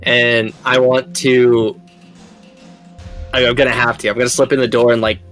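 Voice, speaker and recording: A man playing a tabletop game who pauses often with "um" and "like" while he plans his moves. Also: medium pitch, level tone, a bit bright, faint music behind. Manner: hesitant, full of "um" and "like" while deciding moves. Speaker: player. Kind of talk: casual tabletop play.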